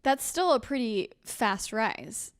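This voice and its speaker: A woman's voice: fairly high pitch, big pitch swings, slow pace, no echo, studio quality. A woman hosting a podcast, asking short questions and reacting to her guest in casual chat. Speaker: podcast host. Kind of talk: casual interview.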